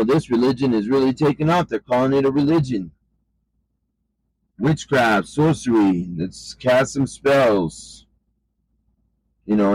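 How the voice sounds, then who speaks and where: A man's voice: mid-range voice, slightly rough, dry recording, poor audio. A man preaching an informal sermon in an emphatic, conversational way, often saying "you know".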